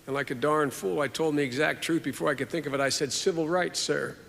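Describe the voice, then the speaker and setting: Older guy giving a eulogy, measured and earnest, echoey big hall. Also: a little high, fairly even intonation, vocal fry, fairly bright tone, slight background noise. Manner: measured, earnest, with repeated phrases. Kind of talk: formal eulogy. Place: large hall at a funeral service. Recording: reverberant hall.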